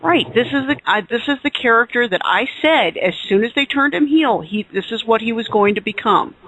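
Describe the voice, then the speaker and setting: Male co-host, opinionated, high pitch, fed-up tone. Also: animated, a little fast, sharp tone, rough recording. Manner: opinionated, exasperated. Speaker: podcast co-host. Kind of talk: casual wrestling chat.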